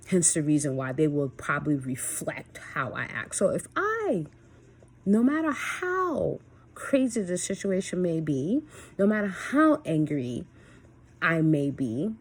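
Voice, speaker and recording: A woman with a low, husky voice speaks in a casual vlog monologue. She talks bluntly and candidly, swearing freely. She keeps an even, steady tone, broken by quick emphatic bursts. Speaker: single parent vlogger.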